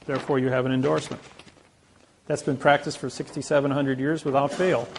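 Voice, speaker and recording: A man's voice: medium pitch, level tone, brisk, gravelly, slight background noise. A man speaking to a live audience, telling boastful stories and acting out the quotes of others. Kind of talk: anecdotal lecture to a live audience.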